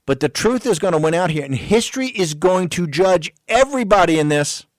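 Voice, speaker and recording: A man's voice: high-pitched, expressive, brisk, no room sound. A man hosting a political talk radio show, delivering an emphatic, fiery rant.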